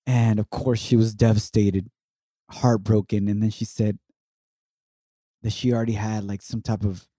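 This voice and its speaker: A middle-aged man co-hosts a podcast, talking earnestly and reflectively with his wife in a heartfelt conversation and encouraging listeners. His voice is on the low side and dark-toned, with little pitch movement and a normal speed, recorded in clean studio sound with no room sound.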